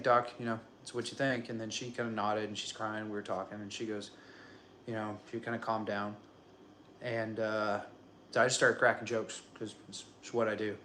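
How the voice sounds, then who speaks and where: Dad in his 30s telling a birth story, mid pitch, does the voices, chuckles a lot, faint hiss behind. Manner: animated, acts out quotes, chuckles often. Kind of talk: casual storytelling.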